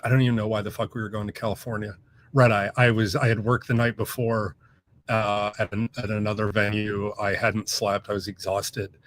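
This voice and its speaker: A man's voice: lowish voice, little pitch movement, fairly quick, fairly bright tone. Casual, profane man telling stories. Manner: loose, profane, filler-heavy storytelling. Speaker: guest author. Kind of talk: casual interview chat.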